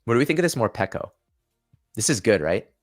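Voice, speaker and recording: A man's voice: medium pitch, big pitch swings, quick pace, soft background music. A man hosting a casual livestream, chatting and thinking aloud with frequent restarts. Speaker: channel host.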